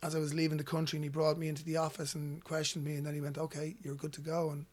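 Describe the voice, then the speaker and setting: Rapid-fire and completely flat, a man with a fairly high voice and an Irish accent shares personal stories as a guest. Originally from Ireland, he tells them loosely and repetitively, doubling words at the start of sentences.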